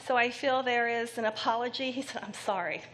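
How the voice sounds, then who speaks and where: A woman psychic medium giving a live reading to an audience member in a theater, speaking gently and haltingly with many pauses. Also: a little high, little pitch movement, a little hiss or hum. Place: theater stage before an audience.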